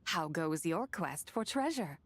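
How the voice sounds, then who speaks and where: A woman's voice: sits low, big pitch swings, a little slow, no echo, exaggerated voice. An actress playing a theatrical, grandiloquent female lunar envoy who speaks in florid, archaic phrases.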